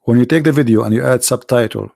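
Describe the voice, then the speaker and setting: A man with a gravelly, creaky voice delivers a mocking commentary monologue, firing off sarcastic rhetorical questions. His voice sounds tired, and the recording is dry and close with no room sound. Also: mid-range voice, fast, a little mellow, no echo. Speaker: video host and preacher.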